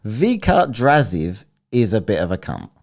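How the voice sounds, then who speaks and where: A man's voice: lowish voice, huge pitch swings, unhurried, a little mellow. A man streaming, chatting crudely and teasing an AI companion. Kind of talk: casual chat.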